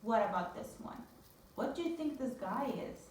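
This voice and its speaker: A woman teaching a phonics lesson to young children, with drawn-out, sing-song repetition drills. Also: fairly high pitch, lively intonation, a little mellow, far from the mic. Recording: very echoey room, voice from off-mic.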